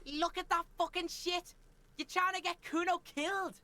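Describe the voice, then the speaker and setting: A foul-mouthed game street kid, put on by a man, with a high, sharp Scouse voice. He talks about himself in the third person and sneers at everyone. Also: fairly even intonation, normal speed, no echo. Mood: hostile. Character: foul-mouthed street boy, cocky and hostile. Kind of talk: live game voice-over.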